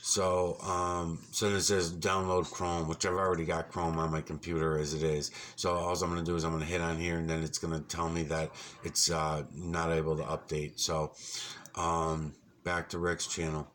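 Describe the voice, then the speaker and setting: Deep-voiced guy rambling at his computer, cussing a lot, lots of ums, light background noise. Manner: rambling, profane and excitable, frequent fillers. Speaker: YouTube vlogger. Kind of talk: casual off-the-cuff vlog talk.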